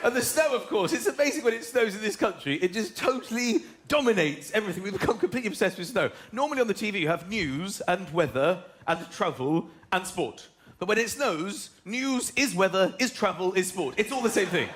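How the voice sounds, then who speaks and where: A man's voice: high voice, a little fast, slight background noise. A man performing stand-up comedy, telling stories animatedly and acting out characters. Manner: animated storytelling, acts out characters. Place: large theatre stage. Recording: echoey theatre with loud crowd laughter.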